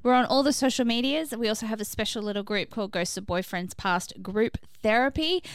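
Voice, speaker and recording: A woman's voice: fairly high pitch, brisk, smooth, no room sound, clean studio sound. A woman co-hosting a podcast, talking frankly and casually, now and then swearing and laughing. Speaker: podcast co-host.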